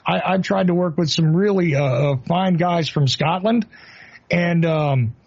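A man's voice: a little high, a little slow, vocal fry, a little mellow, highs cut off. A man from New Jersey with a New Jersey accent, hosting an interview in a rambling, casual way full of fillers and restarts. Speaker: host.

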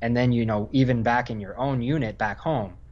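Medium in pitch and darkish in tone, this Army infantry veteran from Northern Virginia speaks a little fast as a podcast guest. He rambles casually, full of fillers and restarts. The highs in the recording are cut off.

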